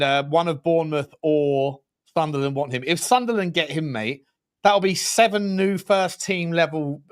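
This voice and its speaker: A man co-hosting a football podcast, talking excitedly in casual slangy chat, rambling and cutting himself off mid-sentence. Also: on the high side. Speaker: podcast co-host.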